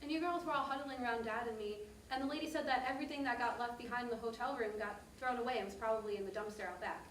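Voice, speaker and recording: A woman's voice: fairly high pitch, rapid-fire, hardly any pauses, slight background noise, natural voice. An actor on stage playing a mother who tells her daughter a detailed family story. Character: mother recalling a family trip, warm and detailed. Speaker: narrator. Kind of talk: stage monologue. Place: theater stage. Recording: echoey stage heard from a distance.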